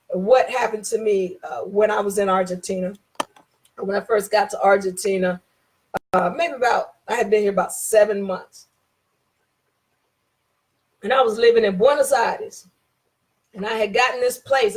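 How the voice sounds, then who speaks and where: In a mid-range voice, a woman talks informally about contract rights through a personal anecdote. She performs both sides of the dialogue and leans on repetition for emphasis.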